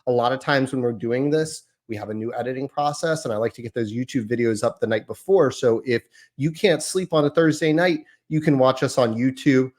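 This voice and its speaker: Chatty male podcast host. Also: mid-range voice. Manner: chatty, rambling, self-deprecating. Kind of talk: casual podcast chat.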